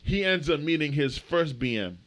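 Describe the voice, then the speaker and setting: A man co-hosting a podcast, telling stories in a lively, profane casual chat. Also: on the high side, normal speed. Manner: animated storyteller, swears freely. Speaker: podcast co-host.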